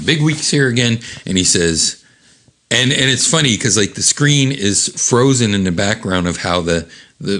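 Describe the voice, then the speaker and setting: A man's voice: fairly low pitch, fairly bright tone. A man hosting a casual read-aloud, describing comic panels in a rambling, chuckling way with many fillers. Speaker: host reading comics aloud.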